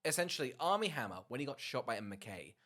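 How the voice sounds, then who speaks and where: A man's voice: medium pitch, sing-song, fast, a bit bright. A man co-hosting a casual podcast, recapping a film plot with sarcastic jokes and swearing. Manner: sarcastic, swears, jokey asides. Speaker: podcast co-host. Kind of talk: casual film review chat.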